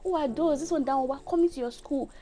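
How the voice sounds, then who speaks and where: A frantic, scolding Nigerian mother played by a young woman, pitched far up and firing off worried questions. Her Nigerian accent runs through the alarmed rebukes. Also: mellow, lightly acted. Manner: high, rapid-fire scolding questions.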